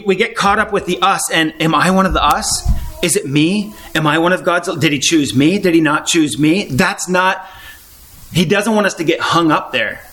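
A man with a notably high, fairly bright voice gives informal Bible teaching in an earnest, casual way. He keeps circling back to his main point and poses rhetorical questions to his listeners.

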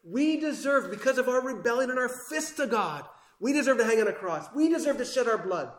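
A man preaching a sermon with passion, swinging between loud emphasis and hushed asides. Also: very high-pitched, lively intonation, a little fast, reverberant.

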